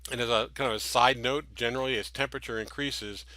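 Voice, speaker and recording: Male instructor, bright tone, dry close sound, patient explainer with analogies. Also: medium pitch, steady tone, fast talker, dry recording. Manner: explains patiently with everyday analogies, frequent restarts. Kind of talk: classroom lecture with slides.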